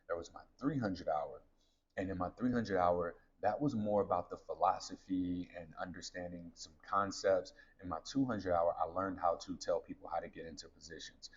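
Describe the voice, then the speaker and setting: Man in his thirties, very low voice, candid storytelling, slightly dull lo-fi sound. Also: a little hiss or hum. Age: 30s. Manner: candid, conversational, addresses listeners as y'all. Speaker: podcast host. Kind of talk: personal storytelling.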